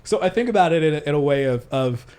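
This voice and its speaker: A man's voice: a little high, fast. Rambling casual podcast host, man. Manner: rambling, many restarts, animated impressions. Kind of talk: casual chat. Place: church.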